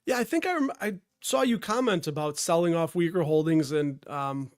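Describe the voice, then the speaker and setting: A man's voice: fairly high pitch, expressive, moderate pace. Rambling man with a head cold. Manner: rambling, self-interrupting, greets chatters. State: stuffed up from a cold. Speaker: live stream host. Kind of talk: casual live stream chat.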